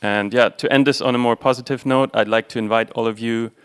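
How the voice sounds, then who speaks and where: A man's voice: mid-range voice, fairly even intonation, a little fast, smooth. A young man from Germany, an activist, speaking earnestly at a panel. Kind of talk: panel discussion remarks.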